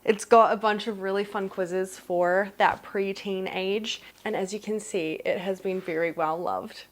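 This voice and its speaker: A young woman who grew up in New Zealand, chatting excitedly through a casual unboxing vlog and gushing with gasps. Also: mid-range voice, a little slow. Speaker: vlogger.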